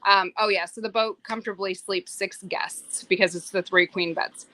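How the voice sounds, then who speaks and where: With no echo on the recording, this woman speaks at a normal speed in a medium pitch. She's a private yacht chef swapping lively stories in a relaxed interview, full of filler words and acted-out quotes.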